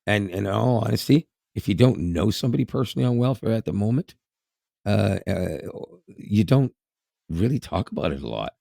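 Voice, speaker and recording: A man's voice: fairly low pitch, animated, fairly quick, vocal fry, mellow, dry recording, clean studio sound. A man, co-hosting a podcast in casual chat, laughing often and repeating words. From Canada. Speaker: podcast co-host.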